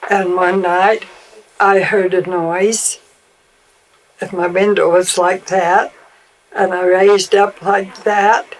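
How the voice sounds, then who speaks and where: An older woman, a mother, telling family stories in a halting way that trails off. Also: mid-range voice, little pitch movement, a little hiss or hum, poor audio. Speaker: mother recalling family memories. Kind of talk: casual family storytelling.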